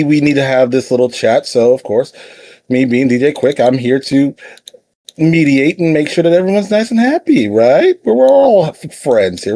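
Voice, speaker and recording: A man's voice: on the high side, warm tone, dry recording. A man playing the mediator of a wrestling press conference in voice chat role-play, speaking hesitantly with stammers.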